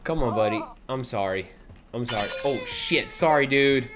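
Jumpy, animated young male gamer. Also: medium pitch, normal speed, crowd noise. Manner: jumpy reactions, startled yelps and swearing, coos at the game baby. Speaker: let's play gamer. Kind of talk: casual gameplay commentary.

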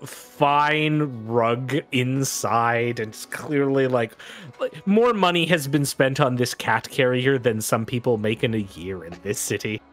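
A man's voice: medium pitch, unhurried, a bit bright, faint music behind. A man narrating a tabletop game as game master, with loose, filler-heavy description and playful detail.

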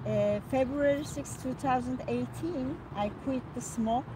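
A woman in her fifties chatting outdoors in broken, halting English full of hesitations. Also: sits high. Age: 50s. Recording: outdoor street noise.

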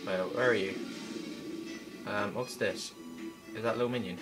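A man doing chatty, excitable let's play commentary, laughing and shouting at enemies as he plays. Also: lowish voice, moderate pace. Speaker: gameplay commentator. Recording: game music loud behind voice.

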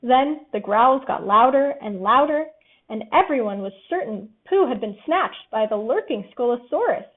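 Expressive woman reading a storybook. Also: on the high side, moderate pace. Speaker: storybook reader. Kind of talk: storybook narration. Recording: tinny phone-like audio.

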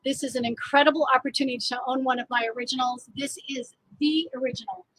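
Bubbly, bright-voiced woman artist. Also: high-pitched, steady tone, fast talker, poor audio. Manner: bubbly, laughs often. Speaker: artist hosting a live stream. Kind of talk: casual live-stream sales talk. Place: outdoors, a little windy.

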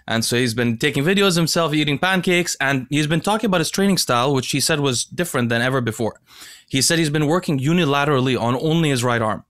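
A man hosting a casual talk show, excitable and speaking directly to his audience. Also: on the high side, fast talker. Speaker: podcast host. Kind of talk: casual conversation.

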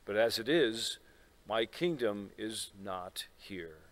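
A man reading the Passion aloud at a church service in a slow, grave manner. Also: on the low side, lively intonation, slight background noise.

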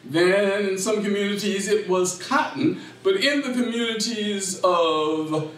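Slow, high-voiced Low Country man lecturing. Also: fairly bright tone. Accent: South Carolina Low Country. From South Carolina Low Country. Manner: quizzes the audience and affirms answers. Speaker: speaker on culture and language. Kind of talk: public talk with audience questions. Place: library meeting room. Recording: roomy echo, distant mic, faint noise.

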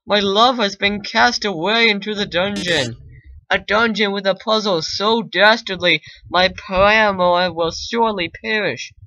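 Guy putting on a dramatic robot tv star, all fake grief and gloating, high slow drawl, game music behind. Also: pushed and bright, lo-fi sound, a little hiss or hum, exaggerated voice. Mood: mock-tragic. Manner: dramatic, camp, drawn-out mock grief. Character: flamboyant showbiz robot host, theatrical male villain.

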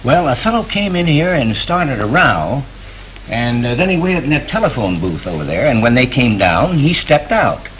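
Chatty male hotel clerk, lively intonation, 1930s film. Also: mid-range voice, normal speed, a little hiss or hum, poor audio. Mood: obliging. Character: helpful male hotel desk clerk, adult.

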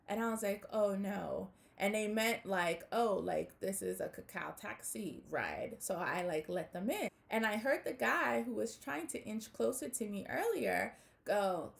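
A woman's voice: medium pitch, unhurried, gravelly. A young woman telling a personal story in a casual storytime vlog, acting out the people she talked to. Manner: animated retelling, acts out both sides with quoted voices. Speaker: vlogger.

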